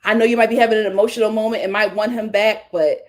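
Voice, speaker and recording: A woman hosting a live reality TV recap, animated and exclamatory, laughing often. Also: medium pitch, fast. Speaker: reality show recap host.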